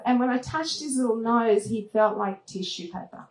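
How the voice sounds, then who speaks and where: Animated woman storyteller in a roomy hall. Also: moderate pace, a little hiss or hum. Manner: lively, laughs often, acts out moments with high squeals. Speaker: travel TV host giving a talk. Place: event room at a retreat.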